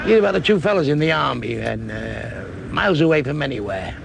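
A man's voice: mid-range voice, gravelly, very noisy. A man with a Mancunian accent doing a crude stand-up comedy routine, chuckling at his own punchlines.

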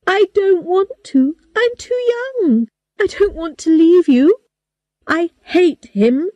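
A woman's voice: sits high, sing-song, a little slow, mellow, dry recording, pitched above the performer's own voice. Woman voicing a frightened teenage girl. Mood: pleading. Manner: raised, pleading delivery. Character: frightened sixteen-year-old girl, pleading.

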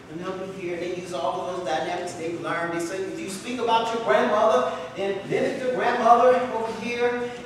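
A man with a Midwestern American accent teaching a public speaking workshop, emphatic and dramatic, with strategic pauses. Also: extremely high pitch, slight background noise. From Midwestern United States. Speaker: speaking instructor. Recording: echoey hall recorded from far off.

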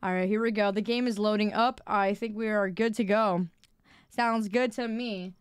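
A woman's voice: medium pitch, steady tone, moderate pace, clear, resonant tone, no echo, studio quality. A young woman streamer chatting casually and rambling, laughing at herself as she trips over her words. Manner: giggly, rambling, self-mocking. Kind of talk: casual live-stream chat.

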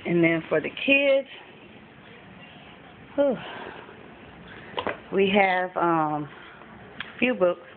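This mom's lowish voice has lively intonation, and she draws out her words and pauses often while showing off a thrift haul, frequently saying um. The home vlog is a relaxed show-and-tell chat with phone-like lo-fi sound and slight background noise.

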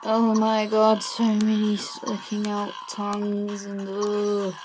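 A woman's voice: medium pitch, monotone, extremely slow, background noise. A woman giving let's play commentary on a game, easily frustrated, blurting out exclamations and swears at the screen, then apologizing. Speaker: gaming channel host.

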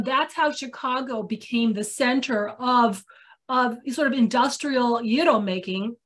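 Woman, high voice, casual talk, lively storytelling. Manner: animated storyteller, acts out quoted speech. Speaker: co-presenter.

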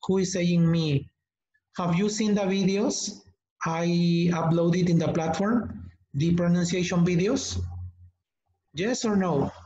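A man leads a live online teacher-training webinar, speaking slowly and deliberately, repeating words and calling on participants by name. His voice is high but dark in tone, and the audio is echoey and slightly muffled.

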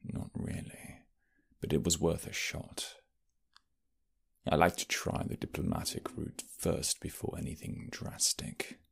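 A man doing a sly British noble rival, very deep, gravelly, raspy, slow and smug. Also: little pitch movement, exaggerated voice. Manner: mocking, smug, threatening. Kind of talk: audio role-play.

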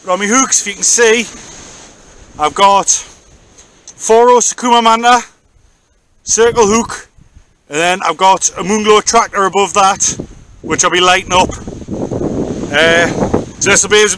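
A man's voice: sits high, unhurried, long pauses, bright, forceful tone, low-quality recording. A man chatting playfully to the camera while fishing on a windy beach, joking with his friend. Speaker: angler vlogger. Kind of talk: casual outdoor vlog commentary. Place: open beach on a windy evening. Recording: wind noise on the mic.

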